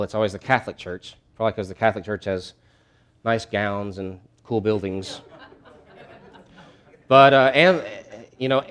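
A man preaching a sermon in a conversational, emphatic way, often restarting his phrases. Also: medium pitch.

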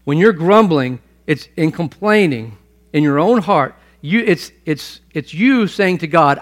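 A man preaching a sermon, emphatic, swinging between loud stresses and hushed asides and repeating phrases for weight. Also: fairly high pitch, animated, a little slow. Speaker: pastor.

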